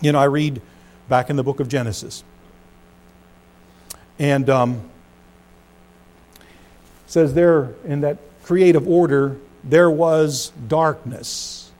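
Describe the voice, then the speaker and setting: A middle-aged man preaching a sermon as pastor, swinging between loud emphasis and hushed low phrases. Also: slow, pauses often.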